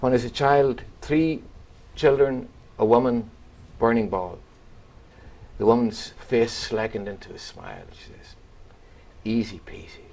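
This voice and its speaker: A man's voice: medium pitch, fairly even intonation, measured pace, a little mellow. A man, a radio guest, telling a rambling anecdote full of quoted voices. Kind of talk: storytelling in a radio chat.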